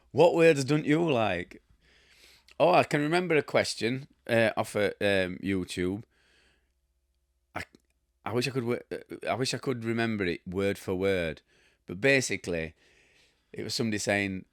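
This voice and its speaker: A low-pitched Yorkshire man in his fifties chats casually to camera, wandering from story to story with blunt asides and chuckles. His voice sounds close and dry, with no room around it. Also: moderate pace, no echo. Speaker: host.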